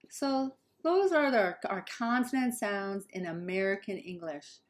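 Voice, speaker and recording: Slow, careful Southern Californian woman teacher. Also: medium pitch. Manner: slow, careful, models sounds for repetition. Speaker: English pronunciation teacher. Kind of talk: pronunciation lesson.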